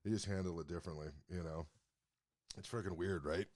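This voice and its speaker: Low-voiced male comedian co-host, reflective and profane. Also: fairly even intonation, fairly quick, darkish tone. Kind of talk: casual chat.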